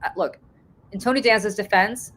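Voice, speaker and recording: A woman hosting a morning show over a video call, telling a story in lively casual chat and swearing freely. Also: medium pitch, normal speed. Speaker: host.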